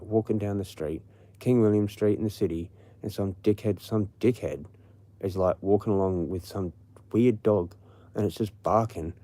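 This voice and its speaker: Brief: Australian man, livestream host, low mellow voice, rambling profane rant. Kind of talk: late-night casual rant.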